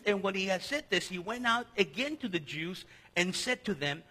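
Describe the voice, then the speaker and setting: A man's voice: sits high, animated, moderate pace, bright, forceful tone, slightly rough. A man preaching a sermon with Bible teaching, telling stories animatedly with jokes and asides. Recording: long hall reverb.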